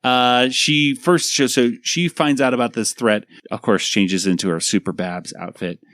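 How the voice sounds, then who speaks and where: A man's voice: mid-range voice, fairly even intonation, moderate pace, a bit bright, no room sound, studio quality. A man hosting a podcast, reviewing a cartoon episode in rambling casual chat full of fillers. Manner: rambling, many fillers, laughs easily. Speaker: podcast host.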